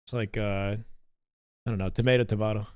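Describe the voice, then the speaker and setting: A Canadian man chatting casually on a live stream, relaxed and full of fillers as he reacts to matches. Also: on the low side, moderate pace, smooth, no room sound, studio quality. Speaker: streamer and esports co-caster.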